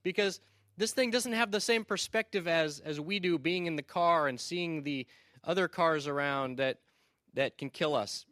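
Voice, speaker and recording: Man, pastor, high voice, dry close sound, chatty storytelling sermon. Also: a bit bright, no echo. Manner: storytelling, conversational with quick asides and repeated starts.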